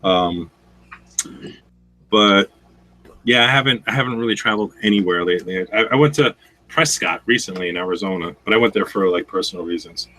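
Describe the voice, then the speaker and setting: A man in casual chat as a guest, telling stories in a profane, animated way. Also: deep voice, fairly quick, rough recording. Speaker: guest streamer.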